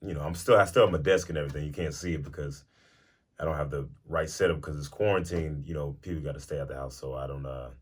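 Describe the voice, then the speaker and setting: A young man hosting a casual rambling podcast at home, recorded on a phone, talking in an animated, jokey way that slips into sung bits. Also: rumbling low, fast, husky. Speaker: podcast host. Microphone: phone mic.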